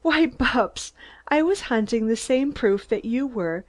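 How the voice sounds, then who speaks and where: A woman's voice: on the high side, lively intonation, unhurried, pitched above the performer's own voice. A woman voicing a stubborn, teasing young woman in an audiobook, her voice lilting upward.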